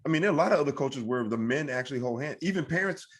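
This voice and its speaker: A man's voice: mid-range voice, expressive, racing. An emphatic man hosts a podcast in loose, casual talk. He speaks earnestly and keeps saying dude and man, in a mid-range voice.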